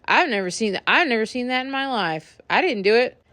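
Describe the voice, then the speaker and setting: A man's voice: extremely high pitch, animated, fairly quick, sharp tone, no room sound, pitched above the performer's own voice, heavily acted. A woman voicing a drunk, scrappy young man who talks with cocky, dismissive bravado. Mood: denying.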